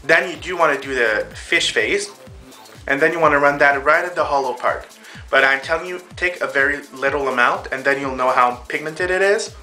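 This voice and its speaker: A man's voice: on the high side, a little fast, pushed and bright, soft background music. A man hosting a casual makeup tutorial, talking the viewers through each step in a chatty way while he applies the makeup on himself. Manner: chatty, addresses viewers as girls and boys. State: out of breath.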